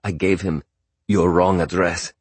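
A man reading an audiobook, voicing a cool, streetwise teenage boy with a bored, calm, offhand way of talking. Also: deep voice, unhurried, husky, dry recording.

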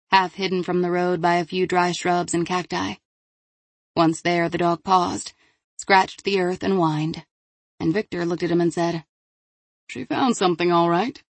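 A woman with a lowish voice reads crime fiction aloud in a measured, even audiobook style. The recording is close and dry, with no room sound. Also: dry recording. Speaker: audiobook narrator. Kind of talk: scripted audiobook narration.

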